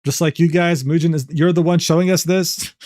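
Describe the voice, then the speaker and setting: Incredulous streamer guy, high voice. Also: steady tone, fairly quick, darkish tone, dry recording, studio quality. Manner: incredulous, laughing, slangy. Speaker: streamer reacting to a document. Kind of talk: casual livestream commentary.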